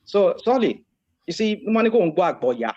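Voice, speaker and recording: A man's voice: high voice, very animated, moderate pace, a little mellow, dull audio. A man with a Nigerian Yoruba accent arguing heatedly in an online debate, repeating himself and slipping into Yoruba. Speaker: debate participant.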